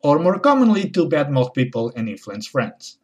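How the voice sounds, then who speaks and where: Man, comedy host, wry deadpan delivery, lively swinging pitch. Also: normal speed, dull audio. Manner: deadpan, wry, switching into mocking voices. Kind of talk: comedic monologue.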